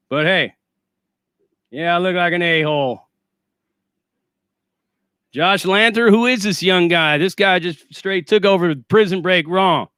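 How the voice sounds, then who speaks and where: A man's voice: high voice, measured pace, pauses often, sharp tone, clean tone, no room sound, studio quality. A man hosting a casual livestream, profane, sarcastic and boastful, still winded after a workout. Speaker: livestream host.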